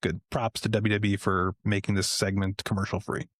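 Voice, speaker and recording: A man's voice: fairly low pitch, level tone, moderate pace, dry recording, clean studio sound. A man co-hosting a podcast, casually recapping the week's matches with chatty asides. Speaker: podcast co-host.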